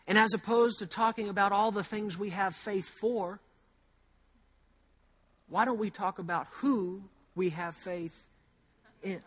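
A male pastor preaching a sermon in a conversational way, asking rhetorical questions and slowly repeating key phrases for emphasis. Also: high voice, fairly bright tone.

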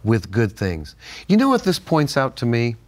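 An older man chats on a Christian talk program, his pitch rising and falling a lot as he tells stories. He talks in an animated way and laughs often, like a host at ease with his co-host. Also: normal speed. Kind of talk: casual chat with storytelling.

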